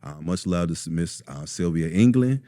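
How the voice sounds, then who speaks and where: A man's voice: low voice, normal speed, dry recording, studio quality. A man, guest on an interview show, talking casually with many ums and acting out quoted lines. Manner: relaxed storyteller, many ums, acts out quotes. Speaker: store owner, guest.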